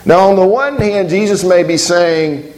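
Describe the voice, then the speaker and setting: A man's voice: high-pitched, measured pace, darkish tone, poor audio. Man preaching a conversational sermon. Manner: conversational preaching with rhetorical questions. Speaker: pastor.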